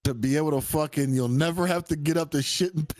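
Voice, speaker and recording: Foul-mouthed high-voiced man joking. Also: fast, darkish tone, dry recording, clean studio sound. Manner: profane, storytelling, laughs often. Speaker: podcast co-host. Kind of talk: crude casual chat.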